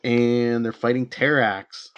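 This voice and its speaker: A man's voice: medium pitch, steady tone, takes it slowly, dull audio, slight background noise. A man co-hosting a podcast, casually recapping comic book plots and reading the characters' lines aloud with the odd laugh. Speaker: podcast co-host.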